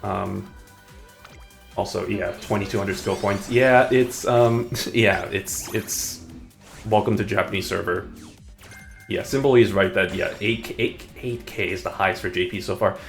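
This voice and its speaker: A man's voice: low-pitched, steady tone, a little slow, vocal fry, faint music behind. A man streaming a game live, chatting casually, rambling and muttering to himself between chuckles. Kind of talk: casual live gameplay chat.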